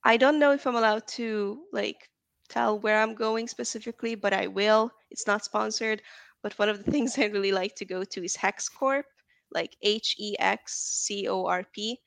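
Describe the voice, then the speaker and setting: Creaky-voiced woman from Texas. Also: mid-range voice, fairly even intonation, moderate pace, fairly bright tone, dry recording. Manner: chatty, rambling, laughs often. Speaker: interview guest. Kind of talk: casual interview chat.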